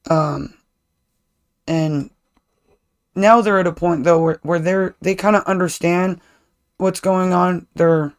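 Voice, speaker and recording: A man's voice: sits high, fairly even intonation, slow pace, pauses often, clean tone. A man co-hosting a podcast, chatting casually and rambling with restarts and casual swearing, talking as a parent. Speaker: podcast co-host. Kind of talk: casual chat.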